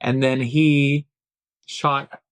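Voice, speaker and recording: A man co-hosting a casual film review chat. He recaps scenes in an easygoing, agreeable way. His voice is mid-pitched, and the sound is close and dry. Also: flat delivery, very slow, clear, resonant tone, no echo. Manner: easygoing, agreeable, laughs along. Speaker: film review podcast host.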